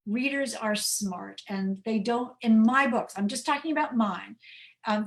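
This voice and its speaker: A woman author answering audience questions in a chatty, animated way on a video call, often restarting her phrases. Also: medium pitch, low-quality recording. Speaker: author guest.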